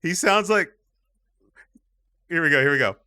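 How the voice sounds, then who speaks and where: A man's voice: fairly high pitch, lively intonation, normal speed, bright, forceful tone, dry recording, studio quality. A man co-hosting a gaming podcast, teasing his friends and laughing often. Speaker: podcast co-host. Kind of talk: casual chat.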